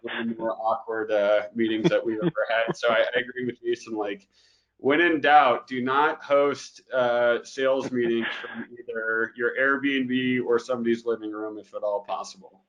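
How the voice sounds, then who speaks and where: A man's voice: mid-range voice, fairly even intonation, moderate pace, a bit bright, dull audio. A man who is a business development director, speaking as a guest in a casual interview. He talks in an easygoing way, with lots of fillers and an easy laugh.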